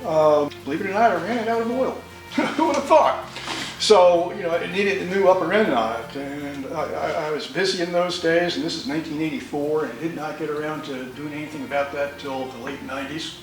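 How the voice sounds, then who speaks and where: A man's voice: on the high side, fairly quick, roomy sound, far from the mic, music in the background, poor audio. An older man from New York telling stories about his motorcycle in a rambling, folksy way with many restarts. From New York, USA. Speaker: interviewee, motorcycle owner. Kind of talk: storytelling interview.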